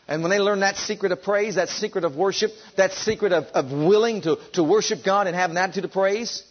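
A man preaching a sermon with fervent, drawn-out emphasis, leading his congregation to repeat after him. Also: high voice, slightly rough, lo-fi sound. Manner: leads the congregation in call and response.

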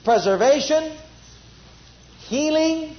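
A man's voice: very high voice, animated, slow pace, lo-fi sound. A man preaching a sermon, repeating phrases with emphasis and leading the congregation in spoken responses.

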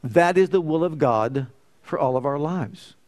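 A man's voice: fairly high pitch, expressive, unhurried, darkish tone. A man preaching a sermon, quoting scripture and leading the congregation in call-and-response.

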